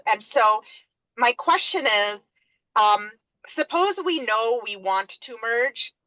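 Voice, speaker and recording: Woman, higher pitch, bright sharp voice, dull dry call audio from a car, hesitant fillers. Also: dry recording. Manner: hesitant, many fillers, quick bursts. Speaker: board leader asking a question. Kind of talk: webinar question. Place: her car while driving.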